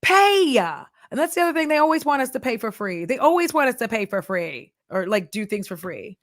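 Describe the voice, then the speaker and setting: A woman's voice: on the high side, sing-song, brisk, no echo, studio quality. A woman in her thirties doing a casual chat vlog while putting on makeup, talking bluntly, swearing freely and laughing often. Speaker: beauty content creator turned chat vlogger.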